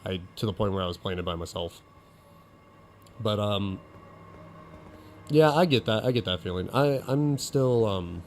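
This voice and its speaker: A young man with a lowish voice rambles casually over his gameplay stream, answering chat as he plays. His voice is getting a little crackly, and a clear hiss of noise sits under the recording. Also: lively intonation, measured pace, pauses often. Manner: rambling, chatty, answers chat while playing.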